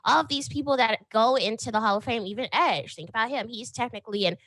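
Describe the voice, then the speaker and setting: A woman guesting on a podcast, chatting casually in an animated, opinionated way and acting out quotes. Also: fairly high pitch, fast talker, no room sound.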